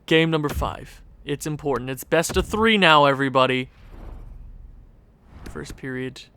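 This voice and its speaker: A man's voice: a little high, bright, forceful tone, clean tone. A young man giving casual gameplay commentary as a video creator, ranting in exasperation at the game with sighs and rueful laughs.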